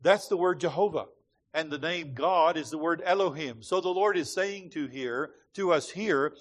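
A male preacher delivers a sermon with a rhythmic, emphatic cadence. His voice sits a little higher than most men's. He speaks to a congregation in a church sanctuary. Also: moderate pace.

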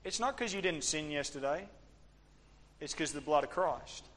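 A man preaching an informal sermon to a youth group, playful at times and falling to soft, earnest tones. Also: a little high, animated, moderate pace. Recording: long hall reverb.

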